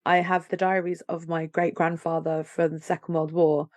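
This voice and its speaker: A woman hosting a book interview, enthusiastic and sometimes pausing to search for the right word. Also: on the low side, level tone, darkish tone, no room sound. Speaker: podcast host. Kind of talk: casual interview chat.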